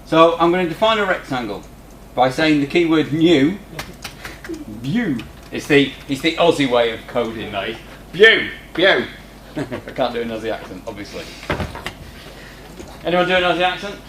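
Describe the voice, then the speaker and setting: Fairly quick and animated, a man with a mid-range, fairly bright voice teaches a coding lesson in a classroom for a screen-recorded tutorial. His tone is informal with teasing asides to students, and the recording has an echoey room and a faint background hum.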